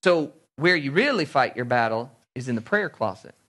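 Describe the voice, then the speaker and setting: A man preaching a sermon, animated, acting out little everyday scenes in different voices. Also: mid-range voice, normal speed. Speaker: pastor.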